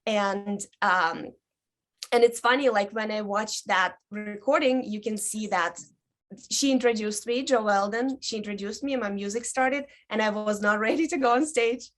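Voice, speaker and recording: A woman in her thirties, a burlesque dancer chatting as a guest, telling stories with many ums and likes and lively quoted voices. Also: mid-range voice, normal speed. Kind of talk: casual interview chat.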